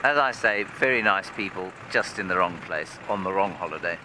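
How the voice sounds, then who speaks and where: Animated male safari guide telling a story. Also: deep voice, moderate pace. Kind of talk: live storytelling on a game drive. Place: outdoors in a safari vehicle. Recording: vehicle engine noise outdoors.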